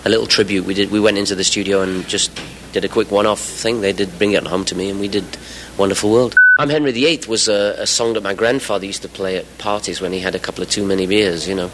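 A man's voice: lowish voice, steady tone, fast talker, noisy background. A man in his forties from England, chatting as the guest in a radio interview, rambling with fillers and the odd laugh. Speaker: musician guest.

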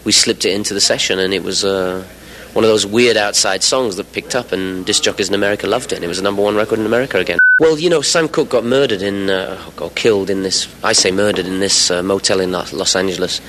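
A man in his forties from England speaks as a radio interview guest. His voice sits a little low, and he rambles cheerfully, with fillers and the odd laugh. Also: fast, hardly any pauses, fairly bright tone, poor audio. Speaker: musician guest.

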